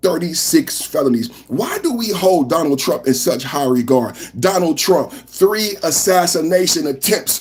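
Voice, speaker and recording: A man hosting a live political reaction podcast, talking loud and fired-up like he's preaching. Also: on the high side, animated, moderate pace, hardly any pauses, a little hiss or hum. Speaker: podcast host.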